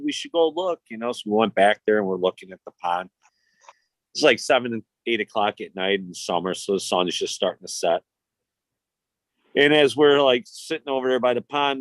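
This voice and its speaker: A man's voice: lowish voice, no room sound. A man, telling stories in casual, profane, rambling chat as a podcast host. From Chicago. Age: 50s.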